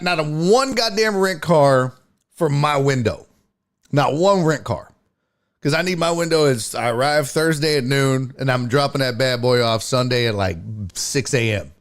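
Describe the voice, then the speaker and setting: A male comedian and podcast host telling a story in casual chat, profane and exclaiming. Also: medium pitch.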